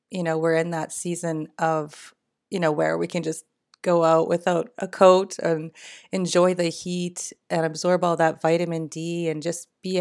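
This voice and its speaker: Woman, podcast host, morning voice, slightly low pitch, chatty, rambling. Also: creaky. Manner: chatty and rambling, laughs often. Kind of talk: casual solo podcast monologue.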